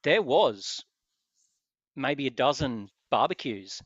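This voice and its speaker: A man's voice: medium pitch, slow, dry recording. Australian male podcast host, casual storyteller, stop-start delivery, dry dull audio. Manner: animated storyteller with hesitant restarts. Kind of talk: casual chat.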